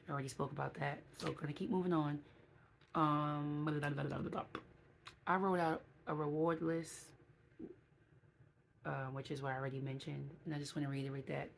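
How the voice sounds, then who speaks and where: Low-voiced woman chatting away on her vlog, candid and lively, bit of faint hiss behind. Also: creaky. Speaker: vlogger. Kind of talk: casual vlog talk.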